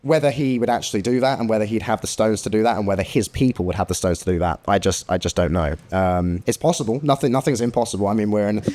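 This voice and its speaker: A man's voice: on the low side, fast talker, few pauses, a little mellow. A man appearing as a political commentator guest in casual chat, hedging and repeating words as he thinks.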